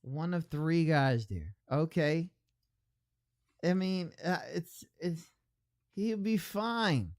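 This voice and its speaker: A man hosting an online radio stream in casual chat, rambling along and reading out chat messages with shout-outs. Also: fairly high pitch, lively intonation, slow, pauses often, no echo, clean studio sound.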